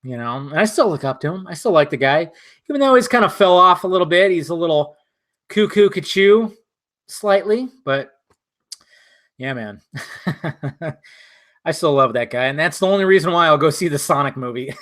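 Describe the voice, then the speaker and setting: A man's voice: a little high, animated, normal speed, pauses often, a bit bright. A young man in a casual live stream who answers chat in a loose, profane way and laughs often, at home in front of a green screen.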